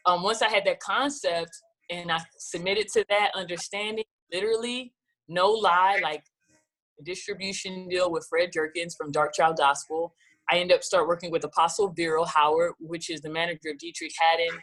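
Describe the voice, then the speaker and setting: Woman guest singer, lively storyteller who slips into voices when quoting people. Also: fairly low pitch, normal speed. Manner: animated, acts out quoted dialogue. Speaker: gospel singer-songwriter guest. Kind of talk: casual storytelling interview.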